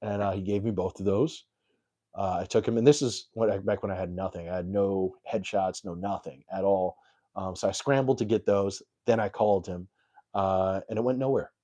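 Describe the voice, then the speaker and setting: A man's voice: low-pitched, fairly even intonation, moderate pace, warm tone. A young adult man, a comedian, telling a story on his live stream in a rambling, self-deprecating way full of fillers.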